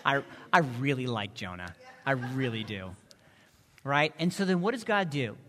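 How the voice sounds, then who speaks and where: A male pastor preaching a sermon, impassioned, moving from soft pleading to loud emphasis. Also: mid-range voice, very animated, normal speed, a little hiss or hum. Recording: long reverb of a large hall.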